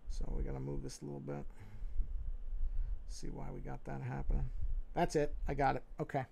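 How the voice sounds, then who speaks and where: Gravelly New York man thinking aloud. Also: mid-range voice, fairly quick, a little hiss or hum. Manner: talks to himself, muttering and repeating phrases; relaxed, self-correcting. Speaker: livestreaming artist. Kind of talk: casual think-aloud commentary while drawing.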